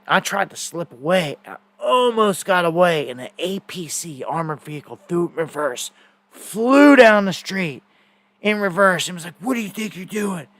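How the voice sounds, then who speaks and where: A man's voice: sits high, fairly bright tone, no room sound. A man hosting a live news stream, telling stories in a rambling, casual way with many fillers and repeated words.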